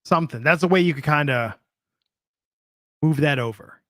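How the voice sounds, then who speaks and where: A man's voice: fairly high pitch, moderate pace, a bit bright, no room sound. A man with a slightly raised, lighter voice co-hosts a casual podcast. He stays upbeat and keeps the rundown moving from item to item. The recording is dry and close. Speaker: podcast co-host.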